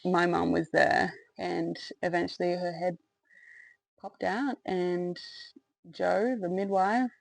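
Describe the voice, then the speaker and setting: A woman's voice: on the low side, fairly even intonation, slow, creaky, dry recording, low-quality recording. A woman telling her own birth story in a candid, rambling way, with lots of fillers, laughter and swearing. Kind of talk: casual personal storytelling to camera.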